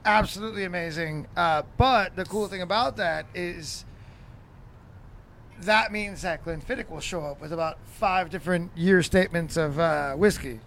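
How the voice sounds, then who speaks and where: A man chatting excitedly on a casual drinks talk show, cracking jokes and cutting in on others. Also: sits high, normal speed, slight background noise. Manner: excitable, jokey, interjects often. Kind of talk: casual chat. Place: studio with several guests.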